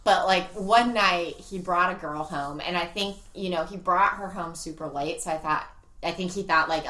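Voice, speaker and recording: A woman's voice: on the low side, moderate pace, pushed and bright. A woman co-hosting a casual chat, telling candid stories with frequent fillers and laughter.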